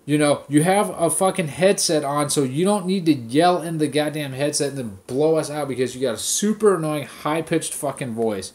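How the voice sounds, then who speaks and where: Guy ranting on his podcast, cusses nonstop, kinda high-ish voice, mocks people. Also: animated, normal speed, few pauses, darkish tone. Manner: heavy swearing, mocking falsetto impressions. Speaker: podcast host. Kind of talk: casual profane rant.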